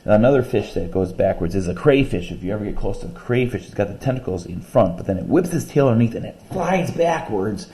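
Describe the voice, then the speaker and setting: A male teacher with a low, warm, mellow voice, walking a class through a reading lesson. He explains patiently, step by step, and reads lines of poetry slowly, counting the syllables out loud. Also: expressive. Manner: reads poems slowly and deliberately.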